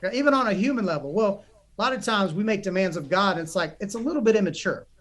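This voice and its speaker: A man's voice: high-pitched, fast. A young man, a psychotherapist and coach, telling stories in a podcast interview with earnest energy and frequent restarts. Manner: animated, earnest, many restarts.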